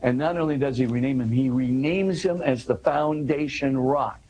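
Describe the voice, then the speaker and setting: A man's voice: mid-range voice, moderate pace, a little mellow, muffled recording. A man in an interview, lecturing on scripture with emphasis and answering his own rhetorical questions. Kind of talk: interview, explanatory talk.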